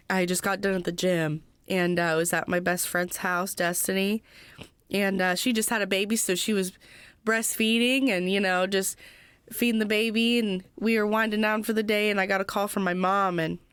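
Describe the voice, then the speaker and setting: A young woman in her twenties tells her own story as a podcast guest, earnestly and haltingly, with plenty of fillers. Her voice sits at an ordinary pitch. The recording is close and dry. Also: fairly bright tone, clear, resonant tone, no echo. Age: 20s. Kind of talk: personal recovery story in a podcast interview.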